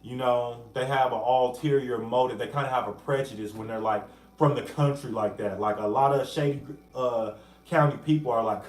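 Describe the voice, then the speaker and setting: A man's voice: mid-range voice, moderate pace. Man livestreaming in an echoey room. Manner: animated, greets viewers by name mid-sentence. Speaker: livestream host. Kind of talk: casual livestream talk.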